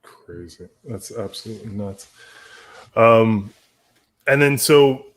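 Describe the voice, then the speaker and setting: A man's voice: on the low side, takes it slowly. A man hosting a casual podcast interview, laughing along and asking follow-up questions. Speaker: podcast host.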